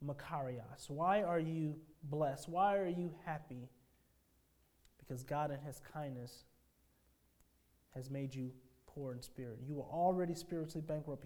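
A man delivering a sermon as pastor, with a mellow, darker tone. He moves from quiet, low phrases to strong, emphatic declarations and keeps asking the congregation questions. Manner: swings between hushed phrases and forceful declarations.

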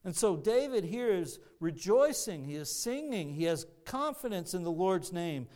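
A man with a high, clear, resonant voice preaches a sermon. He teaches earnestly and walks listeners through his points, often restarting his phrases as he goes. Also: big pitch swings, moderate pace, a little mellow. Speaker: pastor.

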